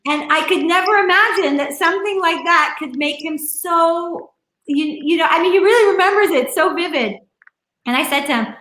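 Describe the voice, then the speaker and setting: Middle-aged woman rambling earnestly in an interview, lots of ums and likes, slightly high voice, echoey room at home. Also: normal speed, fairly bright tone. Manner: earnest, rambling, many fillers. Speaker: interview guest. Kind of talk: casual conversational interview.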